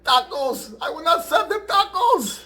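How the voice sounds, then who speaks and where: A man voicing a regretful widow in a high, exaggerated voice. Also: big pitch swings, unhurried, pushed and bright, heavily acted.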